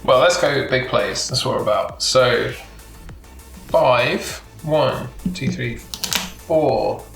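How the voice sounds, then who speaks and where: A man's voice: medium pitch, slow, gravelly, a bit bright. A man playing a card game at a board game cafe, thinking aloud and reading his cards out. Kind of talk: casual game-table chat. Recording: roomy cafe with music behind.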